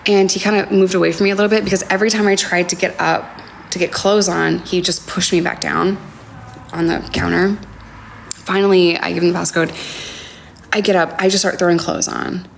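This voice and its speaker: A young woman recounts a story on a phone livestream from home, her words halting and full of fillers. Her voice sits low and carries a gravelly vocal fry. At times she drops almost to a whisper, over a faint hum in the background. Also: little pitch movement. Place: home, indoors.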